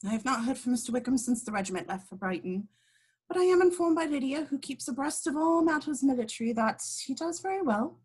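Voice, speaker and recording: A woman's voice: high voice, animated, fast talker, darkish tone, husky, rough recording. A woman reading the part of a witty young heroine in an amateur script reading. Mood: composed.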